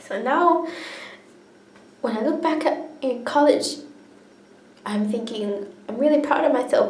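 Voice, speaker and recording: A woman's voice: a little high, darkish tone. A young woman telling her own story to camera in a candid, earnest way, tearful and laughing often as she talks. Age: young adult. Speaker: vlogger. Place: indoors, sitting on the floor. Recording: echoey room.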